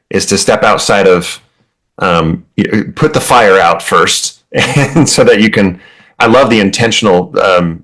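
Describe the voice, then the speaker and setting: A man talking as a podcast guest, candid and self-deprecating, speaking in quick bursts. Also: low voice, fairly bright tone, low-quality recording. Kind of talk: casual conversation.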